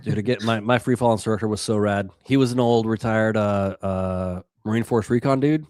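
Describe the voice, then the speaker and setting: Man, forties, casual storytelling, low-pitched, dry recording, animated, fillers and restarts. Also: moderate pace, clear, resonant tone, no room sound. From Rocky Mountains, US. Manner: animated, acts out quotes, many fillers and restarts. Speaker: podcast guest, former special operations weatherman.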